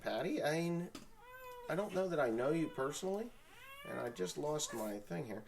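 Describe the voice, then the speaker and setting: A man's voice: a little high, lively intonation, moderate pace, gravelly, slight background noise. A man hosts his own farm talk show and rants with blunt, heated force. He swears freely and keeps working himself up. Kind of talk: casual ranting live chat.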